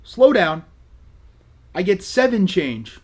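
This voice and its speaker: A man's voice: fairly high pitch, big pitch swings, moderate pace, breathy edge. A man doing a pushy, indignant craps gambler. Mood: protesting.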